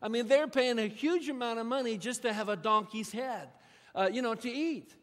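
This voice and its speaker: A man's voice: very high-pitched, normal speed, a bit bright. A male pastor preaching a sermon in a church, talking in a conversational, folksy way with asides to the congregation. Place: church sanctuary. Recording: long reverb of a church hall.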